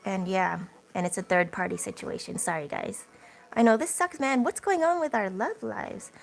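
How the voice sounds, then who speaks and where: Chatty young woman with a gravelly edge. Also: medium pitch, expressive, normal speed, soft background music. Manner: chatty, lots of filler words and laughs. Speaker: tarot reader. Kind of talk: casual livestream chat.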